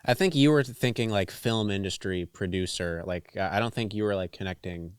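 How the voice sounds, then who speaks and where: A man in a casual podcast chat, speaking softly and hesitantly with many fillers. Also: lowish voice, brisk, smooth, dry recording, studio quality. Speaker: guest, music producer.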